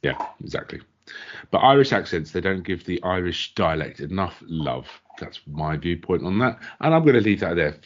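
A man's voice: deep voice, very animated, moderate pace, slight background noise. A man co-hosting a podcast, talking bluntly in short, clipped, dismissive sentences during a casual rant. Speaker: podcast co-host. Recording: dull lo-fi recording.

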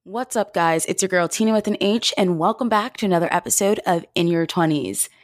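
A woman's voice: lowish voice, brisk, no room sound, clean studio sound. A young woman in her twenties hosting a podcast, chatty and upbeat with a groggy morning voice. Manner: chatty, upbeat, self-deprecating. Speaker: podcast host. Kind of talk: casual podcast intro.

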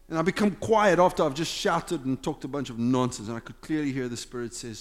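A man preaching a sermon as a pastor, impassioned, swinging between loud urging and hushed, intimate talk in a church sanctuary. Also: mid-range voice, brisk, hardly any pauses. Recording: long hall reverb with faint music.

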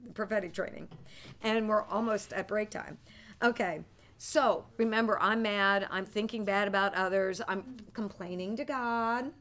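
An older woman teaching a prophetic training class, telling a personal story and acting out her old thoughts with bursts of loud feeling. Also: medium pitch. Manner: animated storyteller, acts out her own past thoughts loudly. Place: classroom with students.

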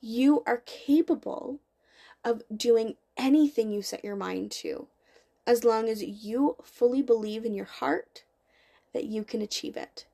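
Earnest motivational woman, somewhat high voice. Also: unhurried, gravelly, warm tone. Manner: encouraging, earnest, repetitive emphasis. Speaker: podcast host and life coach. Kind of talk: motivational podcast talk.

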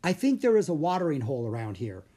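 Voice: mid-range voice, quick pace, slightly rough. A reader voicing a shy but brave young village boy in a storybook audiobook. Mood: earnest. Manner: earnest, rising with excitement. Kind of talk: audiobook character reading.

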